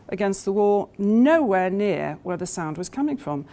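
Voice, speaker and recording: A woman's voice: medium pitch, big pitch swings, moderate pace, hardly any pauses, darkish tone. A woman giving a conference talk, telling anecdotes with many hesitations and fillers. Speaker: conference speaker.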